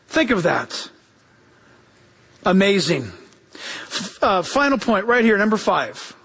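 A man's voice: sits high, sing-song, slow, creaky, long pauses, a bit bright, breathy edge. A male pastor preaching a fervent sermon, quoting scripture and crying out with exclamations.

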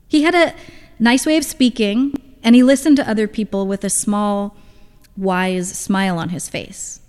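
A woman reads a first-person story aloud in a wry, reflective tone. Her voice has a middling pitch and carries a long, echoing reverb, like a recording made in a large hall. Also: moderate pace, darkish tone, clean tone. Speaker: reader.

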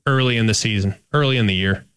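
A man from Dallas-Fort Worth, co-hosting a sports talk show in an animated, emphatic way. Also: lowish voice, quick pace, clear, resonant tone, dry recording. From Dallas-Fort Worth, Texas. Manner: animated, emphatic, bursts into coach impressions.

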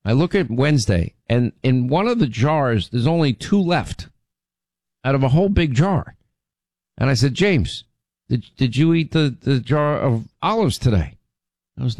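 Animated man telling stories on air. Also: normal speed, no room sound. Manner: animated storytelling, pitch jumps when indignant. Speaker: radio show host. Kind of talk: casual chat.

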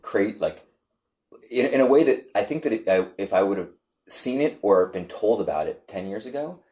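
A man in a casual conversation, telling a long story with many restarts and repeated words that turns animated as it goes. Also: lowish voice, normal speed.

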